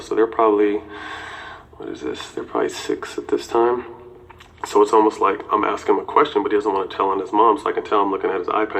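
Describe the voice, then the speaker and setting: A man's voice: lowish voice, creaky, a bit bright, a little hiss or hum, rough recording. A man in his forties telling a personal story casually and candidly, with swearing and lots of "you know".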